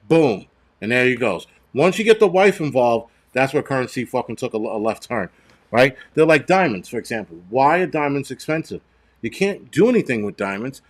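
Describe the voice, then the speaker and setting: A man's voice: mid-range voice, very animated, moderate pace. A man hosting a casual livestream, ranting bluntly with lots of swearing and rambling restarts. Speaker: host.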